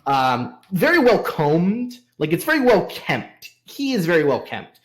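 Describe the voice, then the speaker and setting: Slow-talking man narrating a tabletop game. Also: a little high, big pitch swings. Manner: hesitant, many fillers. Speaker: game master.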